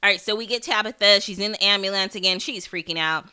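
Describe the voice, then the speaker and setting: A woman hosts a podcast and recaps a TV episode in loose, chatty talk. Her voice is bright and forward at a middling pitch. She rambles, restarts her sentences and swears for emphasis. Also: fast talker, clean tone. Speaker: podcast host.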